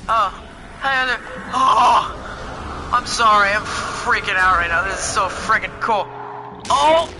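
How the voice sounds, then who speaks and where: A young man giving casual, excitable gameplay commentary as host, exclaiming and laughing as he plays. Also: high-pitched, slow, over music.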